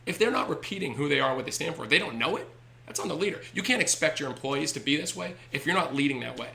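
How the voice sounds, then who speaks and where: A man's voice: fairly high pitch, quick pace, vocal fry. A man, a baseball team owner, telling stories animatedly on a podcast. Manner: animated, acts out voices in anecdotes. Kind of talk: energetic storytelling on a podcast.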